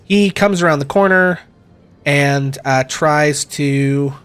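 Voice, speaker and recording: A man running a tabletop game as game master, talking in a relaxed way with many fillers. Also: on the high side, slow, clear, resonant tone, faint music behind.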